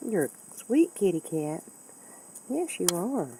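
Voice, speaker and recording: A woman with a low voice that swings up into high, lively cooing as she sweet-talks a kitten outdoors. She talks in sing-song baby talk. Faint insects buzz in the background of the handheld camera recording. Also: slow, noisy background. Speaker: pet owner talking to a kitten. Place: outdoors near woods.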